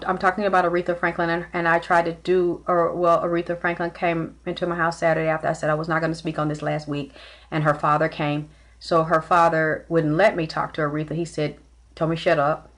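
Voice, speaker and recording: A woman speaking casually to a live audience, rambling and halting, with many fillers and restarts as she greets viewers mid-story. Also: lowish voice, a bit bright. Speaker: spiritual medium host. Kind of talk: casual livestream talk.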